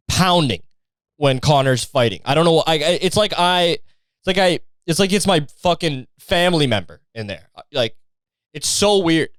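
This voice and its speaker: A man's voice: a little high, smooth, no room sound. Rambling, profane man. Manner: rambling and profane, lots of fillers. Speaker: podcast host. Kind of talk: casual comedy podcast.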